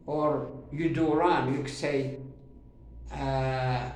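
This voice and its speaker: A man teaching a grammar lesson who talks haltingly with many fillers and repeats himself, drawing out his example sentences slowly. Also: mid-range voice, steady tone, darkish tone. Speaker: English teacher. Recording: very echoey room.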